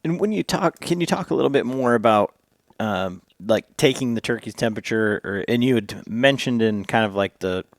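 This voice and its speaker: A man's voice: mid-range voice, lively intonation, normal speed, dry recording, studio quality. A man co-hosting a podcast in casual talk, rambling and chatty as he asks questions and tells stories. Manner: rambling, many fillers and restarts, chatty storytelling. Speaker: podcast co-host.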